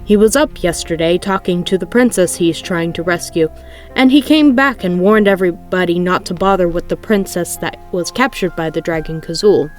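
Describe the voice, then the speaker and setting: A woman's voice: fairly low pitch, normal speed, faint music behind, close to an everyday voice. A woman reading an earnest young prince. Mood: worried.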